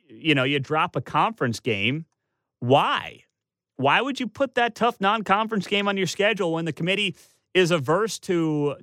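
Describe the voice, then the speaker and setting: A man's voice: on the high side, a bit bright, clean tone, dry recording, studio quality. A man giving opinionated college football commentary as a sports talk host, emphatic and sarcastic, piling up rhetorical questions.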